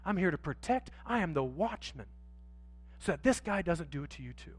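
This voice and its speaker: A man preaching a sermon in church, swinging from quiet asides to loud, drawn-out emphasis and acting out voices of street sellers and pleading sinners. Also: a little high, big pitch swings. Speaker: pastor. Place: church sanctuary.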